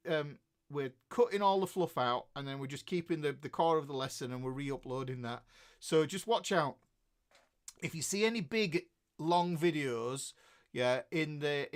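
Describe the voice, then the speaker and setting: A man's voice: a little high, a bit bright. Chatty Northern English man in his fifties. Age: 50s. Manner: chatty and rambling, with many restarts and chuckles. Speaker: guitar teacher hosting a live stream. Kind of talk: casual live-stream chat reading out comments.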